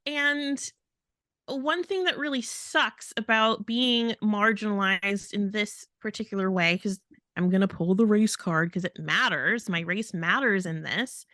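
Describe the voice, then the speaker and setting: A woman's voice: mid-range voice, measured pace, bright, forceful tone, dry recording, clean studio sound. A woman co-hosting a podcast in casual talk, speaking in an emphatic, indignant way. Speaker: podcast co-host.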